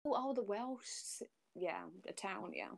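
A woman's voice: medium pitch, lively intonation, slow, gravelly. A woman chatting casually while gaming, laughing often and swearing freely. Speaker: gaming guest.

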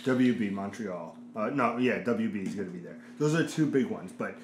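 A man with a lowish voice and moderate pace co-hosts a casual gaming podcast chat. He rambles and searches for words as he goes, recorded in an echoey room with faint noise.

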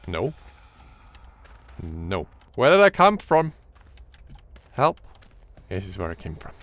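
A man giving casual let's-play commentary on a horror game, with a deep voice, swearing often and talking to himself as he plays. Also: huge pitch swings, slow, a bit bright. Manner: swearing, jumpy, talks to himself. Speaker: gaming YouTuber.

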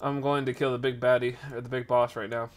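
A man in his twenties hosting a podcast and livestream, telling stories in casual chat, full of fillers and sudden jumps in loudness. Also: medium pitch. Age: 20s. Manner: animated, filler-heavy, quick shifts in loudness. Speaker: podcast host and streamer.

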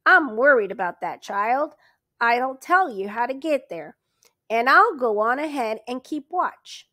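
Woman reading as a tight-lipped stranger, polite but cold, slow and clipped. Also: a little high, expressive, pushed and bright, dry recording, clean studio sound, heavily acted. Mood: clipped courteous. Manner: clipped and patient. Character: cold, courteous, secretive man in a yellow suit.

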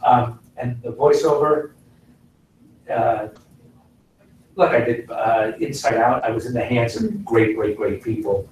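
A middle-aged man, an actor giving a casual lecture to a class, talking in an animated way and swinging between loud and soft to make his points. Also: mid-range voice, measured pace, long pauses, a little hiss or hum. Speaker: guest actor speaking to a class. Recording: very echoey room, from far off.

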